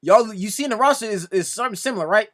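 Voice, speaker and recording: High, bright-voiced exasperated man. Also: animated, fast talker. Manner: exasperated, repeatedly pleading "come on now"; addresses another commentator directly. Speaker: sports reaction video host. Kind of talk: casual reaction commentary.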